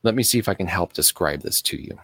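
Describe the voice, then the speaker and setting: A man telling a personal story in an earnest, halting way, pausing and restarting as he explains things slowly. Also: low-pitched, lively intonation, sharp tone, slightly rough, no room sound. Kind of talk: personal story told to camera.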